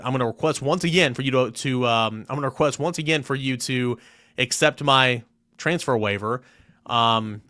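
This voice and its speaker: A man's voice: mid-range voice, fairly bright tone. Emphatic man hosting a sports podcast. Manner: emphatic, reads quoted letter aloud with rising emphasis. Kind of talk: solo sports podcast commentary.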